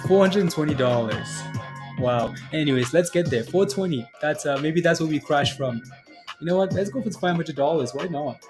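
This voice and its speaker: A man with a slightly higher-than-usual voice hosts a day-trading livestream in a loose, casual way. He gets excited easily and repeats prices over and over to his viewers. Faint guitar music plays behind him. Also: moderate pace.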